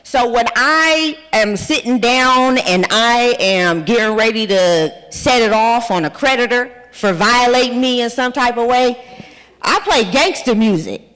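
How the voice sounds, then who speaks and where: High bright lady hyping up a conference crowd, loud, cussing, big hall echo. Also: lively intonation, measured pace. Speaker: conference speaker. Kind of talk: hype-style motivational talk. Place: large conference hall with music playing. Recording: hall reverb, from a stage mic.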